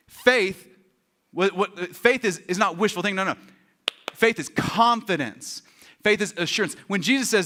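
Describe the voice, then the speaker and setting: Bright-voiced, animated male pastor. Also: high voice, normal speed. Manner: animated, joking, acts out quotes. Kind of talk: sermon. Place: church.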